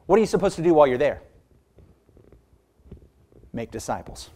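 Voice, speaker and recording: A man preaching a sermon, emphatic, drawing out key words slowly and putting rhetorical questions to his listeners. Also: sing-song, dark tone. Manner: emphatic, stretches key words slowly and rises in pitch for stress; asks the congregation rhetorical questions.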